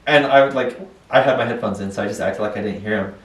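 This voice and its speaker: Young male podcast co-host, animated storyteller, roomy room, mic a bit far. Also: on the low side, fast talker. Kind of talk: casual chat.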